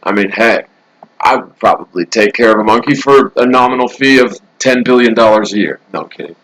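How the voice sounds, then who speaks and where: A man's voice: fairly low pitch, a little fast, fairly bright tone, poor audio. Rambling, sarcastic male streamer. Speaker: live stream host. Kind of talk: casual live stream commentary. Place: hotel room. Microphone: laptop mic.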